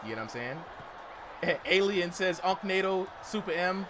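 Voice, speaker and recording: Hype fight commentator, male, slangy, a bit high-voiced, over a noisy stream mix. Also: lively intonation, moderate pace. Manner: hype-driven, slangy, repeats "you know what I'm saying". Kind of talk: live esports-style fight commentary. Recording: noisy livestream audio.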